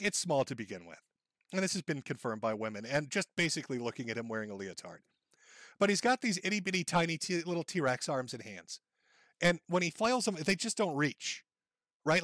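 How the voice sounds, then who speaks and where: Mocking man streamer, higher voice. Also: a bit bright, dry recording. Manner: sneering, ridiculing, laughs at clips. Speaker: streamer commenting on clips.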